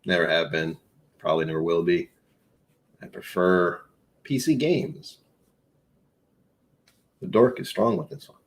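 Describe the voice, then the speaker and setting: A man with a low voice hosts a casual livestream. He rambles from topic to topic, pokes fun at himself and keeps the talk loose and jokey. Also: lively intonation, measured pace, long pauses. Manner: rambling, self-mocking, jokey. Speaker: live streamer.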